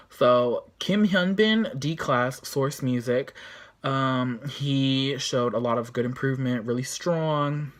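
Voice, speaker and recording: A woman talks through her thoughts on a show episode in a loose, casual recap. Her voice sits low, and she rambles with plenty of fillers and sudden lively reactions. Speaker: show reviewer.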